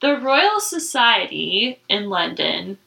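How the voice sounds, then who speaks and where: Woman, podcast co-host, casual chat, bright voice, laughs a lot while reading notes. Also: mid-range voice, very animated, slow, vocal fry, poor audio. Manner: giggly, reads trivia notes aloud.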